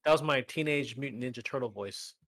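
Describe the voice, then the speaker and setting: A man co-hosting a live stream, trading jokes and poking fun at himself. His voice sits in a middle pitch, recorded close and dry with no room sound. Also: a little fast, fairly bright tone, no echo. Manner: joking, self-deprecating banter. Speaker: podcast co-host. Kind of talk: casual chat.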